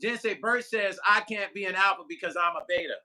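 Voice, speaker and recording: A man's voice: sits high, fairly quick, bright, forceful tone. An older man vlogging live and chatting loosely with viewers, joking and talking straight to his chat. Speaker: musician vlogger. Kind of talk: casual livestream chat reading viewer comments.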